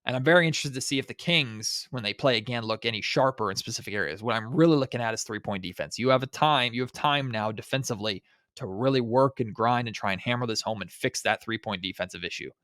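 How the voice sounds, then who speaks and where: A man's voice: medium pitch, fast, fairly bright tone, no echo, studio quality. A man with a nasal, stuffed-up voice from a cold, hosting a solo sports podcast in a chatty way, thinking aloud and asking listeners rhetorical questions. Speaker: podcast host.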